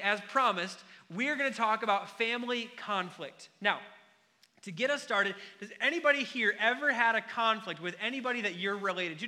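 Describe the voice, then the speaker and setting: Man, sermon, conversational storytelling, very bright tone, long hall reverb. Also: high voice. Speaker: pastor.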